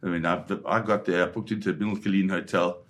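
A man's voice: sits low, steady tone, fast, a bit bright. A man, a photojournalist guest, telling a dramatic first-person story in a vivid way. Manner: vivid storyteller who slips into quoting voices.

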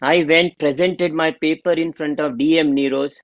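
A middle-aged man, a homeopath guest telling an animated story and acting out the dialogue. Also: a little high, normal speed, no room sound. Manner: animated, acts out quoted dialogue. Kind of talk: storytelling interview. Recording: dull lo-fi dry sound.

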